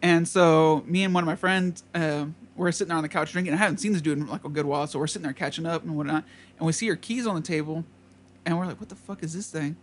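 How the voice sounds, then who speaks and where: A young guy with a very high voice talks fast as he spins a meandering party tale for his friends over a slight hiss or hum. He swears casually, laughs throughout, and keeps impersonating the others who were there.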